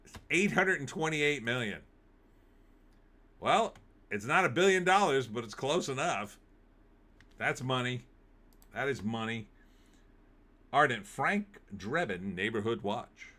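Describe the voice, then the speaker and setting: A man's voice: medium pitch, expressive, slow, pauses often, bright, forceful tone. A man hosting a show alone, chatting casually and giving opinions as he reads live chat and thinks aloud with fillers. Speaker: show host. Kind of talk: casual solo commentary reading live chat.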